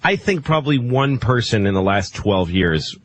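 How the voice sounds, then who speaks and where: A man's voice: lowish voice, animated, moderate pace. A man chatting casually on a radio show, telling a profane story with bursts of laughter.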